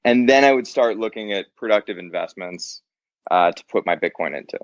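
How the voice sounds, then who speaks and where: A man's voice: lowish voice, fairly quick, noisy background. A man talking as an interview guest in casual chat, blunt and profane, laughing often. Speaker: podcast guest. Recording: dry, dull lo-fi sound.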